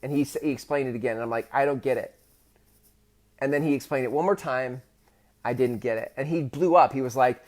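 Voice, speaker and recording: Man telling a personal story, halting. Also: medium pitch. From Pacific Northwest of the US. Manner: halting, many restarts, gets loud and emotional when retelling. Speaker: podcast host.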